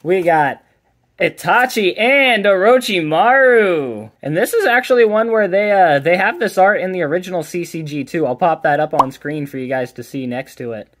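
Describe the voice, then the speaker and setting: A man's voice: high-pitched, lively intonation, normal speed, a bit bright. A man hosting a card pack opening, chatting casually and calling out each card as he pulls it. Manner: upbeat, chatty, calls out each card as pulled. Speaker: card collector and channel host.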